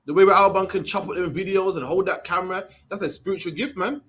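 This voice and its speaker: A young man with a Birmingham accent talks fast as he teaches a scripture class, his voice sitting a bit high for a man. He is streetwise and conversational and keeps tagging phrases with "man". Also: fairly even intonation, fairly bright tone. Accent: Birmingham English.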